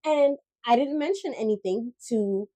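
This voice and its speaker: A woman's voice: a little high, lively intonation, measured pace, mellow, no echo. A woman co-hosting a casual podcast chat, talking reflectively with many restarts and checking in with "right?". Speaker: podcast co-host.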